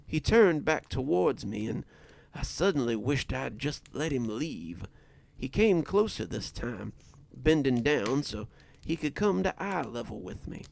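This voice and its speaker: A man narrating a scripted horror story in a slow, deliberate storytelling manner. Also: mid-range voice, very animated, vocal fry, darkish tone, no room sound.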